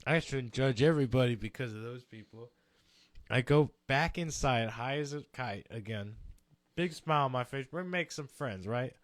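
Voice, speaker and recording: Animated young man telling a story, dry sound. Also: medium pitch, normal speed, no echo. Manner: animated, swearing, acts out quotes. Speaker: podcast guest storyteller. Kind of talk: casual storytelling chat.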